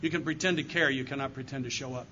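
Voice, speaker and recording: An older man, an AA circuit speaker, delivers an earnest, heartfelt recovery testimony directly to a meeting audience in a meeting room. His medium-pitched voice moves at a quick pace with a bright, forceful tone. The live talk is captured in a dull lo-fi recording with a little hiss or hum.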